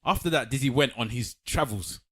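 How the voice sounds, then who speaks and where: A man's voice: mid-range voice, fairly quick. A man co-hosting a podcast, chatting casually and retelling stories with quotes. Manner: animated storytelling, reads out quotes. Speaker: podcast co-host. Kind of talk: casual chat.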